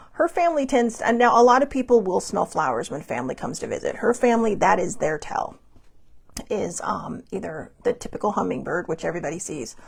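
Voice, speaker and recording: A woman's voice: lowish voice, gravelly, husky. A woman hosting a podcast, chatting casually and rambling through stories with lots of asides. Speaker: podcast host. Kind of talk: casual storytelling monologue.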